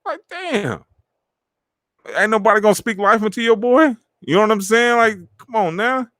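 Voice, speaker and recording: A middle-aged man hosting a podcast, talking in animated street slang and acting out the friends he quotes. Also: sits high, fairly quick, no room sound, studio quality. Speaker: podcast host. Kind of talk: casual motivational talk.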